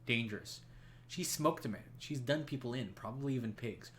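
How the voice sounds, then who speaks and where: A man's voice: medium pitch, a little fast, a little hiss or hum, close to an everyday voice. A man voicing a brash, foul-mouthed twelve-year-old boy in a video game who refers to himself in the third person. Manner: swaggering, crude, refers to himself by name.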